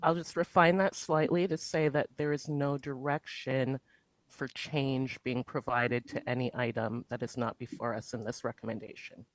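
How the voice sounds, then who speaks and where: A woman's voice: very deep voice, steady tone, normal speed, dry recording, faint music behind, low-quality recording. A trustee at a formal school board meeting, carefully asking for clarification and restating her question. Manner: careful, repeats requests for clarity.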